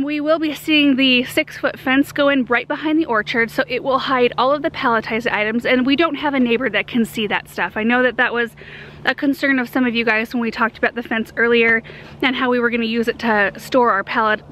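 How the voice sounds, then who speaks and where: Woman gardening host with a fairly high voice, rambling casually outdoors in her garden. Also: steady tone, brisk, fairly bright tone, slight background noise. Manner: chatty and rambling, with frequent ums. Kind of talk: casual vlog walkthrough. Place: outdoors in a large home garden.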